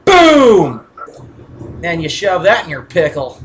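Goofy slow-talking woman gamer. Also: lowish voice, animated, background noise. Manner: goofy, giggly and rambling. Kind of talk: casual gameplay commentary.

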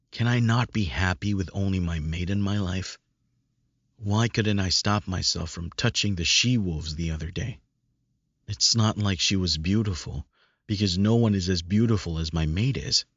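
A man narrates a first-person audiobook with a brooding, searching manner. His voice is deep and husky. The recording sounds dry and dull, with no room around it. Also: fairly bright tone, dry recording.

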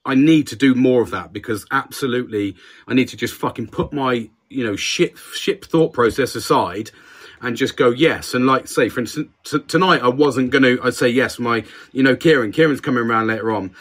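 A man's voice: medium pitch, a little fast, breathy edge. A man co-hosting a podcast, talking candidly and swearing in casual banter. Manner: sweary, candid, self-deprecating. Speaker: podcast co-host.

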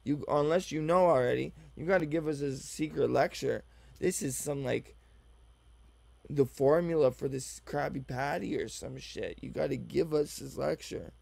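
A man's voice: a little high, moderate pace, vocal fry, a little mellow, no room sound. A man giving teasing, profane reaction commentary while watching a video. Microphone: desk mic, looking at a screen.

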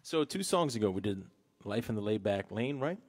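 A man co-hosting a livestream music show, chatting casually between songs in a rapid, rambling way. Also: fairly low pitch, animated, darkish tone. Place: outdoors in a back yard.

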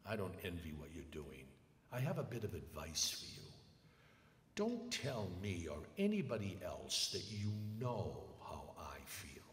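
A heartbroken old father speaks in a halting, earnest, grieving way, as a lecturer acts him out. His voice rises and falls widely and echoes around a large hall. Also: sits low, huge pitch swings, voice pushed down, full character voice.

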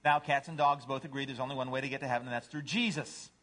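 A man's voice: medium pitch, steady tone, fast talker, bright, forceful tone. A middle-aged male pastor preaching a sermon, jumping into playful voices for cats and dogs.

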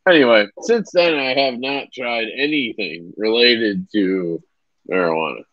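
A man's voice: medium pitch, measured pace, no echo. A young man hosting a casual livestream chat, rambling and swearing with lots of fillers. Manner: laid-back, swearing, rambling with many fillers. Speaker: livestream host. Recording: dry, dull lo-fi sound.

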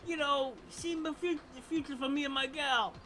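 A woman's voice: high-pitched, steady tone, moderate pace, sharp tone, slight background noise. A woman doing a lovesick mopey guy.

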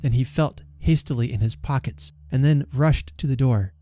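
Warm-voiced male storyteller. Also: mid-range voice, normal speed. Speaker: reader and channel host. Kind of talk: storytelling reading.

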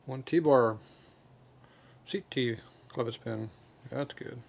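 A man's voice: mid-range voice, slow pace, vocal fry. A man working as a motorcycle mechanic, giving casual, blunt commentary and muttering to himself as he works in a repair shop. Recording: noisy workshop with clanking tools.

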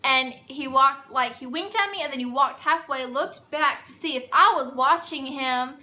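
A woman's voice: high voice, normal speed, sharp tone. A woman telling a storytime vlog in a chatty, rambling way. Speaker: vlogger.

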